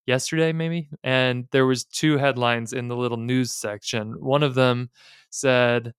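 A man in his thirties talks through his podcast in a candid, plainspoken way, dropping in casual asides. His voice is strikingly smooth and resonant. The sound is dry and close, with no room around it. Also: medium pitch, fairly even intonation, unhurried, no room sound. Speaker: podcast host. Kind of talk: casual finance podcast talk.

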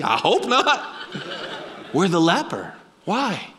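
A man preaching a sermon with dramatic storytelling, dropping low and quiet for emphasis. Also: huge pitch swings, slow, big-room sound, a little hiss or hum.

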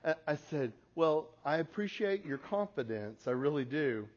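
A man in his forties giving a talk to an audience, telling a family story in an animated way and laughing at his own stories. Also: on the high side, normal speed. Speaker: speaker. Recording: slightly muffled lo-fi recording.

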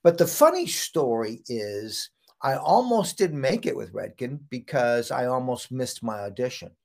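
A man with a gravelly, creaky voice, sitting as an interview guest and spinning a personal anecdote. His pitch sits in an ordinary middle range. He tells it casually, with plenty of life. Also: unhurried. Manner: lively storyteller who acts out quoted voices. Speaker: guest, hairdressing educator.

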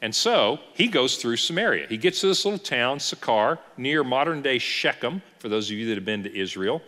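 A man, an executive pastor, teaching a church Bible class with animated storytelling and rhetorical questions. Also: mid-range voice, normal speed. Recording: long hall reverb.

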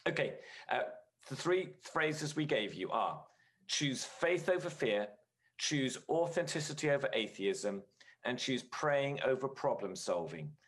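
A man's voice: medium pitch, sing-song, a little slow, a bit bright. A man giving a conversational sermon as a guest speaker, earnest and storytelling, with frequent filler words.

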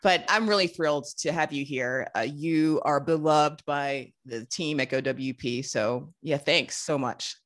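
A playful, bubbly podcast co-host from the United States, joking and laughing easily while welcoming a guest. The voice sits at a middle pitch. The talk comes over a video call. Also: measured pace, hardly any pauses, fairly bright tone. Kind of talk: casual interview chat.

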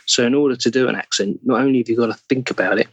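Husky-voiced English actor, dry sound. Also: male voice, medium pitch, very fast, no echo, dull audio. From England. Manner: thoughtful, searching for words, trailing off. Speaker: actor, podcast guest. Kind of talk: casual interview chat.

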